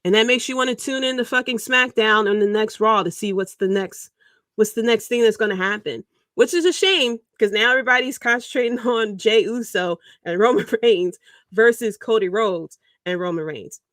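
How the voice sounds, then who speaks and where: A woman's voice: fairly high pitch, normal speed, no echo, clean studio sound. Rambling, chuckling woman host. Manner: rambling, animated, chuckles mid-sentence. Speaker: podcast host. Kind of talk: casual livestream commentary.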